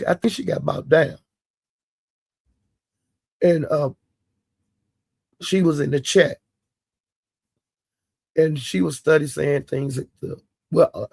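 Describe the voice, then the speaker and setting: A man hosting his channel, rambling through a gossip story in a gravelly, husky voice. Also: on the high side, a little mellow, no echo. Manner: rambling, with quoted asides. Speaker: channel host.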